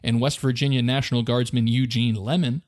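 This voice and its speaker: A man's voice: mid-range voice, flat delivery, a little fast, dry recording, studio quality. A man co-hosting a podcast, telling a story in a playful, joking way and laughing often. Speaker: podcast co-host. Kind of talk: casual storytelling chat.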